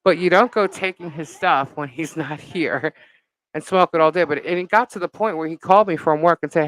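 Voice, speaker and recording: A woman live-streaming as a vlogger, telling a gossip story in an animated, indignant way with lots of fillers. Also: deep voice, fairly quick, no echo, poor audio.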